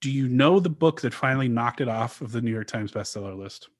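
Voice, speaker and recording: A man's voice: medium pitch, animated, a little fast. A man co-hosting a casual podcast, recounting a story at length with frequent restarts. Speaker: podcast co-host.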